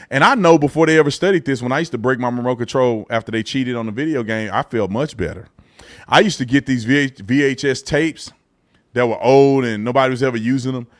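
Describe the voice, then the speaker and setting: A man's voice: medium pitch, dry recording, clean studio sound. A man hosting a live commentary show, talking in a blunt, opinionated and mocking way, with loose casual phrasing and frequent restarts. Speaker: show host.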